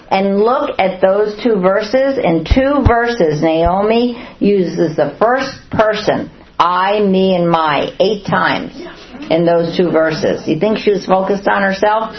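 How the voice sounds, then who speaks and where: Lady teaching bible study, lowish voice, asks the room lots of questions, echoey dull recording. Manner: asks the listeners many questions, acts out quotes.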